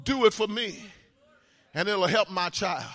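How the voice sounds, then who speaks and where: A man preaching a sermon who moves from quiet teaching into shouted, sung exhortation and calls to the congregation. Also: high voice, a little slow, dry recording. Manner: fervent call-and-response exhortation.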